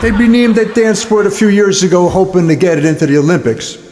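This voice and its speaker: A man telling comic stories about dancing, deadpan, dropping his voice low to act out the other people in his jokes. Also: fast talker. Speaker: stand-up comedian. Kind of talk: comic storytelling with acted-out dialogue.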